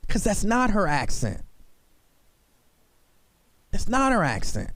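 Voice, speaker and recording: Into a studio microphone, a man hosting a talk radio show pushes his point emphatically in an opinionated monologue, repeating himself for effect. His voice is high and the recording dry.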